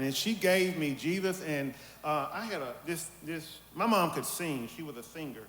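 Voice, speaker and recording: A middle-aged man tells family stories, his high, bright voice full of energy. He acts out his mother's lines with playful emphasis. The sound is roomy, as if picked up in a large hall with a long echo. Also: normal speed, hardly any pauses, a little hiss or hum. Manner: animated, with lively put-on quotes of his mother. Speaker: panelist. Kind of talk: candid storytelling on a church panel. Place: church hall. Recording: echoey hall with faint ambience.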